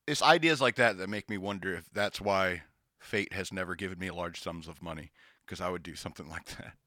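A man's voice: sits low, brisk, dry recording, studio quality. A man co-hosting a podcast in casual comedic chat, joking and playful. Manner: joking, playful, animated storytelling. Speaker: podcast co-host.

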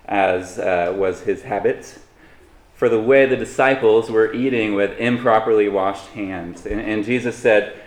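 A man's voice: lowish voice, measured pace, reverberant. A man preaching a sermon in a conversational way, with light humorous asides to the congregation. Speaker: pastor.

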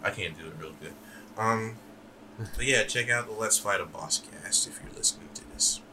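A man's voice: lowish voice, moderate pace, sharp tone, slight background noise. A man co-hosting a podcast in loose casual chat, joking around, rambling and swearing freely. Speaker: podcast co-host.

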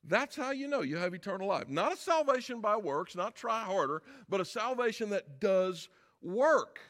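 A man's voice: high voice, big pitch swings, moderate pace, a bit bright. A middle-aged man, a pastor, preaching a sermon in a conversational way, asking the audience questions and building to emphatic peaks.

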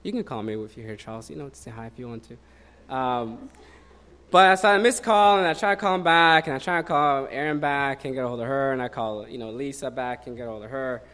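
A man in his thirties preaching a sermon in a relaxed, conversational way, telling a personal story with many fillers. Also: mid-range voice, a little fast.

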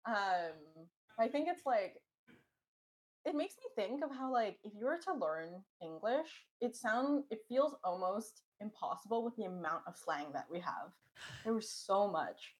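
A woman's voice: mid-range voice, very animated, unhurried, slightly rough. A young woman guest in a casual chat, talking freely with lots of restarts. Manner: chatty, trailing restarts.

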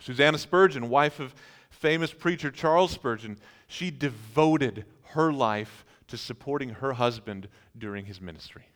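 A man's voice: mid-range voice, expressive, moderate pace, few pauses, a bit bright. A man preaching a sermon, telling vivid stories and acting out incredulous reactions. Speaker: pastor.

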